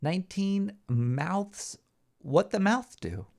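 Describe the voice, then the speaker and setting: A man hosting a live show, rambling and joking as he thinks out loud. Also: high-pitched, big pitch swings, slow, vocal fry. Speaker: show host. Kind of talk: casual live show banter.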